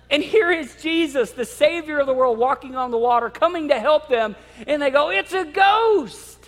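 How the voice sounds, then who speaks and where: A man preaching a sermon in an emphatic, animated way, often repeating his words. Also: very high voice. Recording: long hall reverb.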